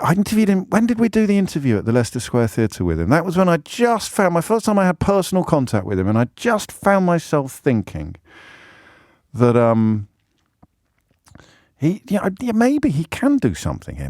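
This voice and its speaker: A man's voice: on the high side, huge pitch swings, moderate pace, darkish tone, no room sound. A man hosting a phone-in radio show from a studio, talking in a sardonic, mocking way with frequent asides. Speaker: radio talk show host. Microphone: studio microphone.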